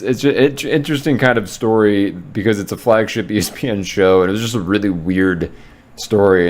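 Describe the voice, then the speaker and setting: A man co-hosting a casual sports podcast, talking in a rambling, self-correcting way with plenty of filler ums. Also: low-pitched. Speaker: podcast co-host.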